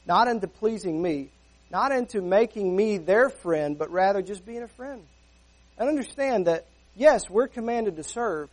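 Male pastor, high-pitched, earnest conversational sermon delivery that slips into quick acted-out asides. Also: a little mellow, low-quality recording. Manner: earnest, conversational preaching with rhetorical questions; acts out everyday dialogue in quick asides.

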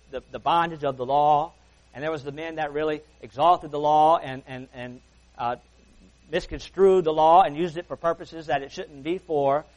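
A man preaching a sermon in a church service in an earnest, folksy way, swelling on key words and then dropping low and soft. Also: rough recording. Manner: folksy asides.

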